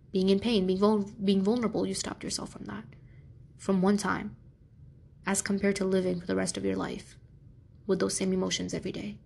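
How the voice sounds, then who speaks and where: A young adult woman giving Islamic life advice in a casual motivational talk to camera, earnest and candid, slangy, with sudden animated bursts. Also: medium pitch, gravelly, slightly rough.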